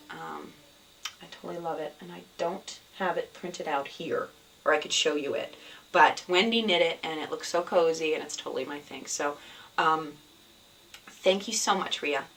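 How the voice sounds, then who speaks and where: A woman's voice: deep voice, normal speed, a bit bright, distant mic, a little hiss or hum, poor audio. A woman hosting a knitting podcast, chatting casually at home with lots of ums and restarts. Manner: chatty, rambling, with many fillers and restarts. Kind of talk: casual chat to camera. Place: at home, indoors.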